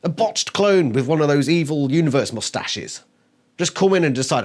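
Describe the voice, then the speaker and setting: A man's voice: on the high side, very animated, measured pace, a bit bright, husky. Exasperated man ranting and swearing. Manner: exasperated, swears constantly, mocks by acting out quotes. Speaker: book reviewer. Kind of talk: ranting video review. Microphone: camera.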